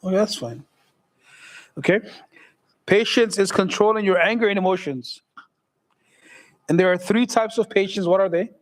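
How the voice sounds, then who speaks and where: Middle-aged man, imam, high voice, casual sermon, joking and questioning the crowd. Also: normal speed, long pauses, rough recording. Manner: joking, conversational, asks the audience questions.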